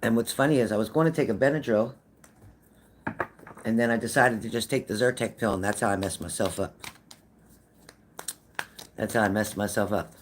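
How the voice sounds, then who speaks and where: A woman's voice: rumbling low, moderate pace, long pauses, a little hiss or hum. Chatty older woman hosting a live stream. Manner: chatty, greets viewers by name, repeats phrases. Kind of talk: casual live-stream chat with viewers.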